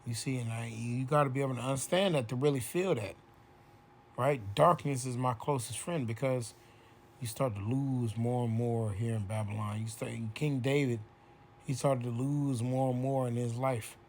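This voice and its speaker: A man of ordinary pitch teaching scripture in a loose, conversational way. He reads verses slowly and with weight, then breaks into casual explanation, checking in with "right?" as he goes. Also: steady tone, darkish tone, slight background noise. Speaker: bible teacher. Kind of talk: informal scripture lesson.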